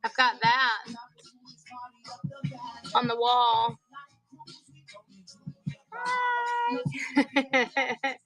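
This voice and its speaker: Chatty high-voiced woman with a country twang. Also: sing-song, extremely slow, pauses often, a bit bright, soft background music. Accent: American country. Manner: chatty, jokey, talks to viewers by name. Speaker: livestream seller. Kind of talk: casual live sales chat.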